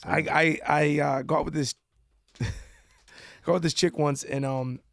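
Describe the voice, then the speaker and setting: A man with a Boston accent, a podcast guest telling a drinking story in a rambling, halting way full of fillers. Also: on the high side, steady tone, vocal fry, a bit bright, no room sound, studio quality. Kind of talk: casual chat.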